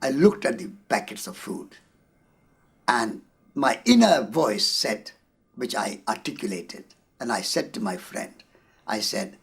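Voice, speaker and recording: A man's voice: on the low side, animated, measured pace, creaky, slightly rough. A man with an Indian accent, telling a personal story earnestly as an interview guest. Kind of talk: reflective storytelling.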